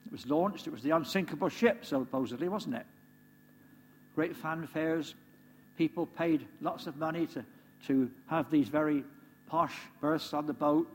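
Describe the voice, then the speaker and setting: A man's voice: on the high side, normal speed. A man giving a conversational sermon to a congregation, often turning to them with questions like "didn't they?". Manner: conversational, asks the listeners tag questions. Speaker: preacher. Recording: reverberant hall, faint hum.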